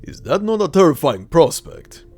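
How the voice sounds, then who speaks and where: A man's voice: on the high side, big pitch swings, moderate pace, darkish tone, husky, faint music behind, voice pushed up, exaggerated voice. A man voicing an ancient ghostly king who speaks formally and solemnly, in a fan audio drama. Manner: stately, old-fashioned phrasing.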